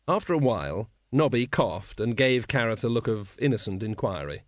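A man narrating an audiobook with lively, expressive storytelling. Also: mid-range voice, moderate pace, no echo, clean studio sound.

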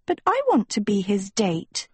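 A woman's voice: medium pitch, huge pitch swings, measured pace, slightly rough, no echo, full character voice. A woman voicing a pampered, vain young girl who whines and insists in a sing-song way. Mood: petulant. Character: high-pitched pampered vain girl, petulant.

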